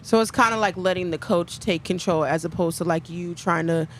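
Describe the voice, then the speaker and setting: A woman's voice: on the low side, brisk. A woman co-hosting a casual interview. She is playful and slangy and tells stories with quoted dialogue. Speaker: co-host. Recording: clear background noise.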